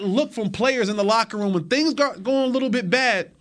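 A man's voice: very high-pitched, a little fast, a bit bright. A man hosting a sports talk show, speaking casually and animatedly, often repeating words as he builds his point.

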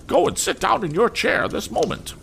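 Guy putting on a super high-pitched snooty lady, bossy, lively swoops. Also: moderate pace, gravelly, slight background noise, exaggerated voice. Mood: haughty. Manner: imperious and shrill. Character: haughty, pompous mother, a grand lady.

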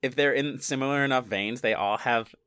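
A young man co-hosting a podcast, casually recapping a movie, relaxed, laughing and quoting scenes. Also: mid-range voice, brisk, smooth, no echo. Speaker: podcast co-host.

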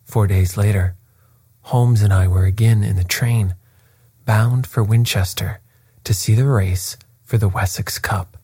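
A man reading a classic detective story aloud as narrator, in a steady, unhurried way. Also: on the low side, slightly rough, no echo. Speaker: audiobook reader. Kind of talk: scripted narration.

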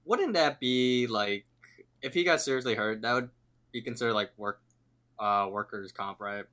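A man's voice: mid-range voice, normal speed, bright, forceful tone. A man co-hosting a podcast, casually retelling a cartoon episode scene by scene and quoting the characters' lines in a lifted voice. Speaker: podcast co-host.

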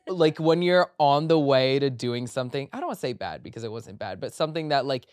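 A man in the middle of his pitch range, telling a sprawling story in a casual, animated way. He swears freely and goes off on tangents, now and then jumping into a high, mocking voice to quote someone. The sound is dry and close, with no room echo. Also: fairly quick. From Egyptian family background. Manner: animated, breaks into high mimicking voices when quoting people; profane, tangent-filled storytelling. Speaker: podcast host.

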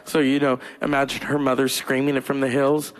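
A young man from California doing crude, profane stand-up storytelling, putting on shrill voices for other people. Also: completely flat delivery, fairly quick. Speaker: stand-up comedian. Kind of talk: stand-up monologue.

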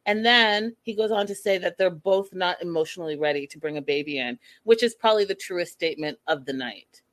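A woman hosting a casual recap of a reality show, gossipy and animated, laughing at the scenes she retells. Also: on the low side, a little fast. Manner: animated, gossipy, laughs at her own quotes. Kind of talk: casual chat.

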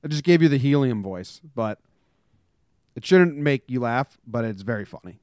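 A man's voice: mid-range voice, animated, normal speed, darkish tone, clean tone, dry recording, clean studio sound. A man hosting a casual podcast, joking loosely and chatting through a sports update. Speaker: podcast host.

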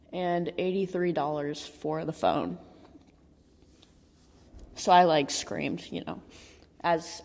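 Chatty young woman, low voice, echo. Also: vocal fry, a little mellow. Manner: candid, chatty, heavy use of filler "like", swears. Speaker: vlogger. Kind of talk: casual storytelling.

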